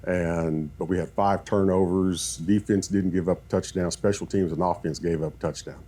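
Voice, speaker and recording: A man who coaches football, telling animated stories in a podcast chat and acting out what people said. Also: sits low, moderate pace, breathy edge. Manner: animated storyteller, acts out quoted talk.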